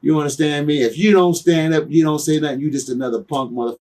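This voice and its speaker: A man's voice: fairly high pitch, fairly even intonation, quick pace, darkish tone, recorded from a distance. A man being interviewed as a guest, telling stories bluntly with lots of cursing and "you know what I'm saying". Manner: heated when recounting grudges. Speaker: interview guest, former pro wrestler. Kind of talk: candid shoot interview storytelling.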